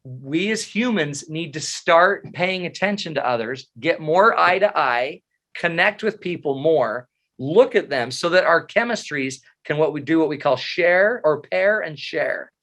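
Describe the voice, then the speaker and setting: Animated, humorous male motivational speaker. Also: fairly high pitch, measured pace. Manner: animated, self-mocking. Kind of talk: humorous storytelling talk.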